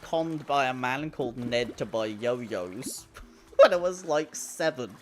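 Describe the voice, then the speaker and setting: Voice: mid-range voice, lively intonation, slow pace, darkish tone, slight background noise. A streamer chatting casually while playing a video game, rambling and laughing often. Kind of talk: casual live-stream chat. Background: faint in-game music.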